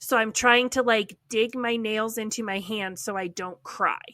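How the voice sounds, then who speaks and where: Woman podcast host, animated storyteller, bright and a touch high, dry close sound. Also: measured pace, dry recording. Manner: animated, heavy use of "like". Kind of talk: casual storytelling chat.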